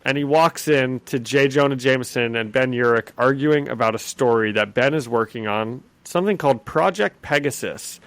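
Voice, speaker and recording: A man's voice: mid-range voice, moderate pace, hardly any pauses, a bit bright, no room sound. A man co-hosting a podcast, recapping a comic in casual chat, often laughing and slipping into character voices. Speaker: podcast co-host.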